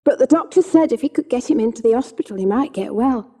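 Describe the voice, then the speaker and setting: A woman reading an audiobook voices a poor, bewildered young countrywoman who pleads for help, speaking high and urgently. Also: moderate pace, warm tone, slightly rough. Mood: pleading. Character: poor, frightened young countrywoman with a sick child.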